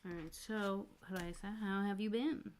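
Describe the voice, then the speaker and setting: A woman hosting a live planning stream at her home desk into a desk microphone, talking softly and half to herself as she works. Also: medium pitch, fairly even intonation, unhurried, slight background noise. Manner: soft-spoken, muttering to herself while she works. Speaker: planner livestream host. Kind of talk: casual live planning chat.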